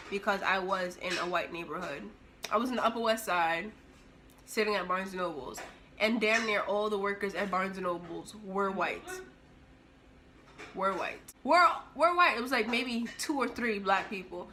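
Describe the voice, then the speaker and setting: A young woman telling a personal story in a casual, animated way, with sudden bursts of loudness. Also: medium pitch, normal speed, slight background noise. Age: young adult. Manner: animated, expressive, with big jumps in loudness.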